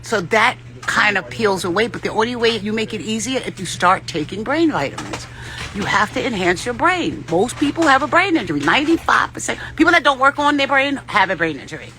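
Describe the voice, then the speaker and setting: A woman's voice: on the high side, very animated, a little fast, bright, forceful tone. A woman vlogger giving rambling, profane spiritual advice in a casual talk, often laughing.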